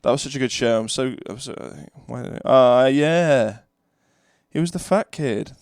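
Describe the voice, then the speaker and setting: A man hosting a loose, casual podcast, sounding a bit under the weather with a voice pushed deeper than usual. He rambles and reads headlines aloud in a middle-pitched voice. The sound is dry and close, with no room around it. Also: normal speed, a little mellow, no echo. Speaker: podcast host.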